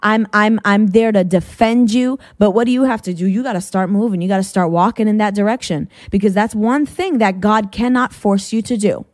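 A woman's voice: medium pitch, brisk, few pauses, darkish tone, no room sound, clean studio sound. A woman speaking as a Christian preacher to her listeners, fervent and full of repeated restarts.

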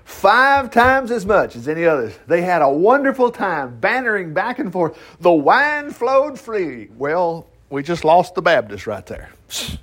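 A man with a high-sitting, very animated voice and a fairly bright tone reads a Bible story aloud at an unhurried pace. He does it as a teacher would, breaking off now and then for chatty asides and laughter as he comments on the scripture.

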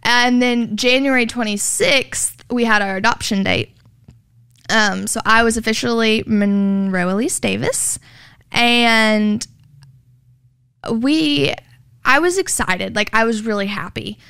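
A woman's voice: on the high side, slow pace, gravelly, fairly bright tone, smooth, no echo, studio quality. A woman telling her personal story in an interview, earnest and filled with "like", acting out what people said. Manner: earnest, heavy use of "like", acts out quoted dialogue. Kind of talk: personal testimony.

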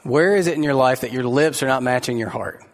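A man's voice: medium pitch, fairly quick. A man preaching a sermon to a live congregation in an earnest, conversational way, asking his listeners direct questions. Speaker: pastor. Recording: echoey hall reverb.

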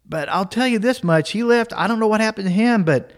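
A man's voice: high-pitched, fairly quick. Casual man spinning a comic story. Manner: casual, animated, tag questions.

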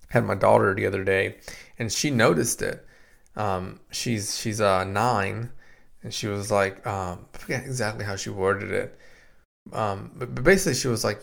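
Gravelly-voiced man giving podcast advice. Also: fairly low pitch. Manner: conversational, repeats words, quotes clients in dialogue. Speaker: podcast host and practice consultant. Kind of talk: casual solo podcast advice. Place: home podcast room in a basement.

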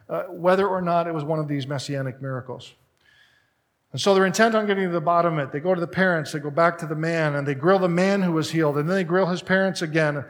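A male pastor preaching with a slightly raised pitch, telling stories in a lively, conversational manner. His voice carries the long reverb of a large hall. He moves between scripture and everyday anecdotes. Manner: conversational, animated storytelling preacher. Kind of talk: sermon.

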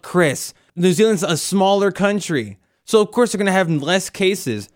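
A young man with a fairly high voice rants on his own podcast, emphatic and exasperated. He has a slight lisp, and his tone swings between frustration and disbelief. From Indiana. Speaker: podcast host. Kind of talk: ranting solo podcast.

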